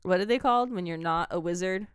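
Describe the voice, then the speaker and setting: A woman's voice: on the low side, quick pace, clean tone, dry recording, clean studio sound. A woman co-hosting a casual film review podcast, giggly and playfully indignant. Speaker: podcast co-host.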